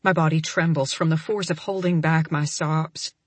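A woman's voice: sits low, steady tone, normal speed, slightly rough, no room sound. A woman narrating a first-person romance audiobook in an intimate, emotional reading.

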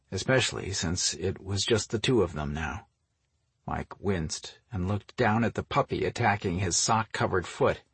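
A man reading an audiobook as the narrator, in steady, even storytelling. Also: fairly low pitch, slightly rough, no room sound. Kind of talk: scripted narration.

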